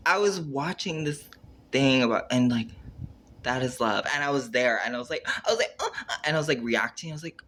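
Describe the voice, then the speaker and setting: A man's voice: mid-range voice, a little fast, fairly bright tone, a little hiss or hum. A man rambling through a casual monologue on camera, full of filler words, acting out his own reactions and trailing off mid-sentence. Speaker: vlogger.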